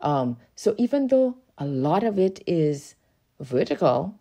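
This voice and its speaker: Female art creator with a deep, low voice, relaxed and explanatory, talks viewers through her collage work. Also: unhurried. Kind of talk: casual art tutorial narration.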